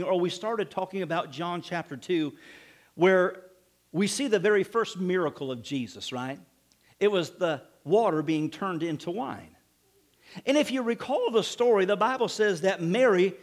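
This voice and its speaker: Animated high-voiced male preacher. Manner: animated preaching with calls of amen and acted quotes. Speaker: pastor. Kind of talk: sermon.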